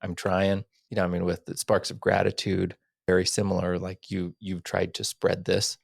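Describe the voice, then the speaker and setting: A man hosting a podcast, earnest and rambling, often dropping to a soft near-whisper. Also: low voice, monotone, moderate pace, vocal fry, husky, no room sound, clean studio sound. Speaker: podcast host. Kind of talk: casual interview chat.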